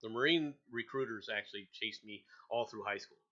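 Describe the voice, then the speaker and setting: Speaking fairly quickly in a lowish voice, a middle-aged man hosts a casual chat and spins a lengthy story full of repeated words. He laughs frequently and animatedly imitates those he quotes, though the sound is lo-fi.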